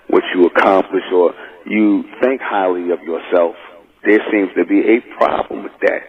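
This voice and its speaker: Gravelly-voiced man hosting talk radio. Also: fairly low pitch. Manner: preachy, emphatic. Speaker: radio host. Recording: tinny phone-line radio recording.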